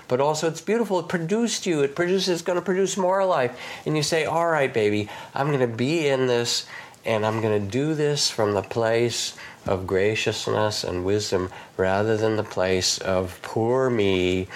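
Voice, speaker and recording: A man speaking as a meditation teacher guest, in a gentle guided reflection that is soft, slow and reassuring. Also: medium pitch.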